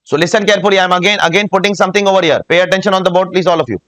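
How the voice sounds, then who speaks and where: A man with an Indian English accent gives a classroom lecture on tax, quizzing the class often with check questions and repeating the key points. He speaks rapid-fire in a high-pitched, somewhat bright voice.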